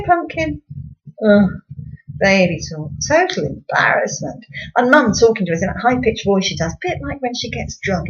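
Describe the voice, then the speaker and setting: A woman's voice: mid-range voice, highs cut off. A woman reading her own novel aloud in first-person storybook narration, with a dry, wry tone.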